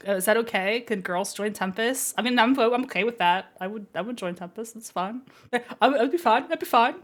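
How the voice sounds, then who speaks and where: A woman streamer reading a visual novel aloud and chatting about it, giggly and playful, stammering when she gets excited. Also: a little high, brisk.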